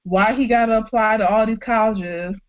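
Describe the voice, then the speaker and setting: A woman co-hosting a podcast in casual chat, outspoken and animated, laughing often. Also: on the high side, moderate pace, clean tone, highs cut off. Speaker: podcast co-host.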